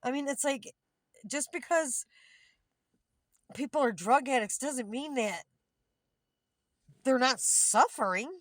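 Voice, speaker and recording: This vlogger in her fifties speaks into her phone camera from a parked car, candid and rambling, occasionally heated, in a casual selfie vlog. Her high-pitched voice is expressive and slow with frequent pauses, and the sound is dry and studio quality.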